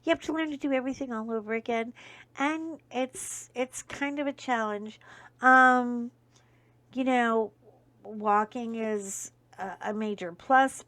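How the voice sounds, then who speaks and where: A woman's voice: medium pitch, a bit bright. A middle-aged woman hosting her own casual chat vlog, telling a rambling everyday story with plenty of asides. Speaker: host.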